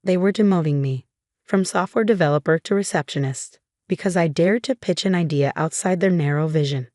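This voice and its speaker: A woman with a fairly low voice tells a first-person story in a steady, measured way. The recording is dry and close, with no room sound. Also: dry recording. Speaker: narrator.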